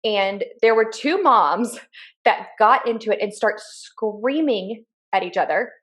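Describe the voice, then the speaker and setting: A woman in her thirties co-hosting a podcast, telling personal stories in an earnest, animated way. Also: mid-range voice, measured pace. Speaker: podcast co-host. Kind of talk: casual chat.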